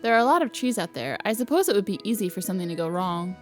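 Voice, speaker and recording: A woman reads a visual novel's first-person narration for a let's play, even and unhurried, her voice sitting at an ordinary middle pitch. Soft game music runs faintly underneath. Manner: reads narration evenly, laughs between lines. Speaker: let's player. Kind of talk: reading a visual novel aloud.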